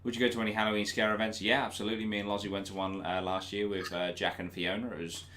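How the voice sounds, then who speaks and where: A young man, a YouTube host answering viewer questions in casual, sweary chat and mimicking people loudly. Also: fairly low pitch, level tone, very fast. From England.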